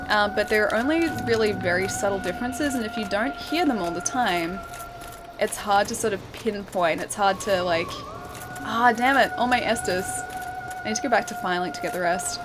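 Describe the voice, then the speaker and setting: A woman's voice: medium pitch, big pitch swings, normal speed, background noise. An Australian woman streaming a game and chatting casually with viewers, laughing often and using lots of fillers. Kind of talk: casual gameplay stream chat. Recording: game music behind the voice.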